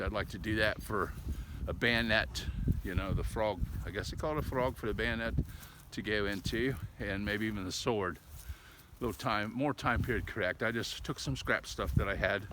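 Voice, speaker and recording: An older man talking casually while walking his dogs outdoors on a country road, folksy and chatty, tagging "eh?" onto his lines and a little out of breath. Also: fairly low pitch. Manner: folksy, talkative, ends lines with "eh?". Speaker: vlogger. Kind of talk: casual rambling monologue. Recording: noisy outdoor recording. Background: dogs and rural outdoor sounds.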